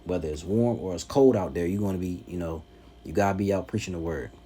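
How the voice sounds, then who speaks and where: A very deep male voice with a dark, mellow tone, teaching scripture from his home. He presses his points hard and mimics his critics with scorn. A faint hum of noise sits under the recording. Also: fast talker. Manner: emphatic, mocking rebuttals. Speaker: preacher.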